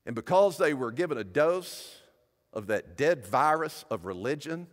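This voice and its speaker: A man preaching a sermon as pastor, emphatic, building up and dropping back in loudness. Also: mid-range voice, expressive, normal speed. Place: church sanctuary. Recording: long church-hall reverb.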